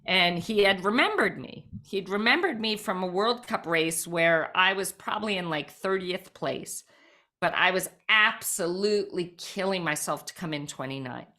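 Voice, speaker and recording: Woman, bright clear tone, slightly low pitch, animated storyteller, casual fillers. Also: normal speed. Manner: frequent "like" fillers, lively retelling. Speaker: podcast guest.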